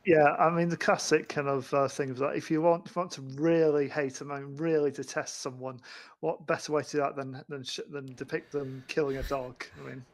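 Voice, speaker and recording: A man in his fifties adds to a casual movie conversation. His voice sits somewhat high for a man. He halts and repeats words as he works toward each point. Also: steady tone. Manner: halting, stacks repeated words and fillers. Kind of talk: casual film discussion.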